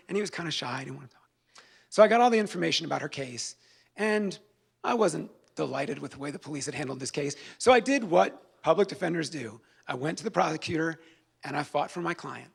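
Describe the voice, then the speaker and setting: Gravelly-voiced man giving heartfelt speech. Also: fairly high pitch, animated, fast. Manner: earnest, heartfelt storytelling with light humor. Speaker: award recipient, public defender. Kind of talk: award acceptance speech. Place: event hall.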